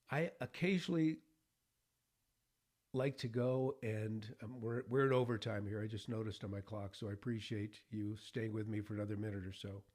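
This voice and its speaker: A middle-aged man hosts a devotional podcast, his slightly rough voice earnest and full of deep feeling. At moments he chokes up with emotion.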